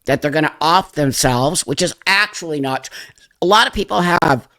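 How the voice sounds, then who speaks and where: A man's voice: fairly high pitch, lively intonation, moderate pace. A man hosting his channel, giving emphatic, emotional commentary straight to his viewers and repeating his points. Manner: emotional, voice softens and drops. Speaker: channel host. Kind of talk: impassioned commentary to camera.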